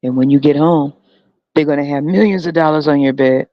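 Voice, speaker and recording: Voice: medium pitch, brisk, no echo. A podcast host in a sarcastic, profane solo rant, breaking into laughter often. The mid-range voice sounds dry and close, captured on a dull, lo-fi mic.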